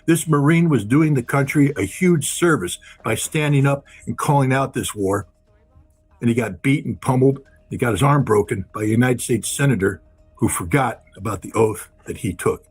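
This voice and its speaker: Male guest, husky voice, forceful repetitive delivery, mid-pitched. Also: moderate pace, faint music behind. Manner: emphatic, repetitive, blunt. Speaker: guest commentator. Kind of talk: impassioned political commentary.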